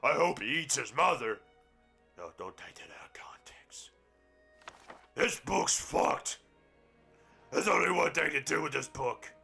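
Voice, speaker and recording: A man's voice: fairly high pitch, lively intonation, measured pace, gravelly, pauses often, bright, forceful tone, slightly rough, soft background music. A man reading a book aloud in a game roleplay, breaking off into crude, profane, mocking asides. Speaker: gaming roleplay streamer.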